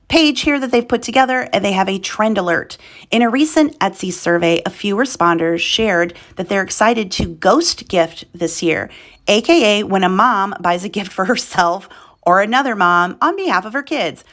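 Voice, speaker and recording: This is an American woman at a middle pitch, reading marketplace news aloud to her viewers. She keeps breaking from the text with wry, chatty remarks and laughs off her own tongue slips. The sound is a close desk mic. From United States. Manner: chatty, wry asides, stumbles over words and laughs at herself. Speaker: reseller and channel host.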